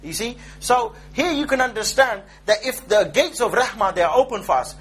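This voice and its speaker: A man's voice: high-pitched, moderate pace, hardly any pauses, a bit bright, husky. A man giving an informal religious lecture, conversational and joking, often checking in with his listeners. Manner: conversational, joking, keeps asking "yeah?". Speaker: Islamic preacher.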